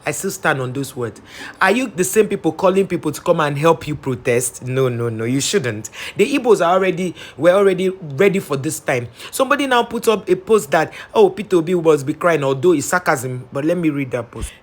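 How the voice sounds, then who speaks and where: Animated Nigerian man doing news commentary. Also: a little high, a little fast. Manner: animated, sarcastic, reads news reports aloud. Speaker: commentary vlogger.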